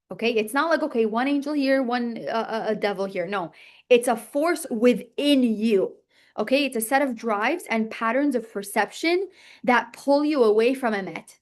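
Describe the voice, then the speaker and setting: A woman teaching a religious text class in a lively, chatty way, often checking in with "okay?" and "right?" and acting out inner voices. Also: on the high side. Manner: talks fast and restarts, acts out inner voices. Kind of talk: classroom lesson.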